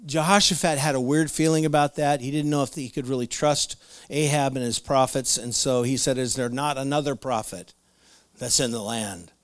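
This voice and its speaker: A man's voice: medium pitch, fairly even intonation, moderate pace, no echo. Casual preaching man, dry close sound. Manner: conversational, retells Bible stories with playful asides and laughs. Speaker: pastor. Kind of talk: sermon.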